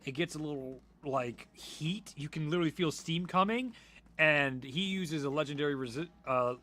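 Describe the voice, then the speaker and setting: A bright, fairly high-voiced young man runs a tabletop game, narrating scenes with animated energy. He jokes with players and swears freely between dramatic beats. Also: normal speed. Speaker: game master.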